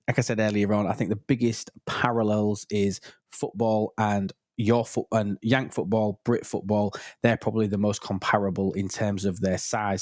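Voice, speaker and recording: A man's voice: lowish voice, a little mellow, no echo, clean studio sound. Opinionated man hosting. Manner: opinionated, teasing, emphatic. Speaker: podcast host. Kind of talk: casual panel chat.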